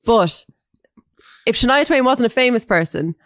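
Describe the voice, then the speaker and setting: An Irish woman co-hosting a music podcast in casual chat, animated and emphatic with strong opinions. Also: a little high, moderate pace, no echo, clean studio sound. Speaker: podcast co-host.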